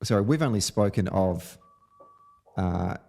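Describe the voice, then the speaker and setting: A man's voice: sits low, expressive, measured pace, gravelly, darkish tone. A man hosting a podcast, giving a blunt, opinionated film review in casual chat, sometimes swearing. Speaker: podcast host.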